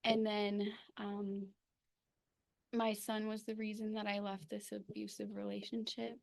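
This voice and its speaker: A young woman giving a personal recovery testimony, halting and full of ums and pauses. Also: mid-range voice, completely flat delivery, creaky. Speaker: recovery meeting speaker.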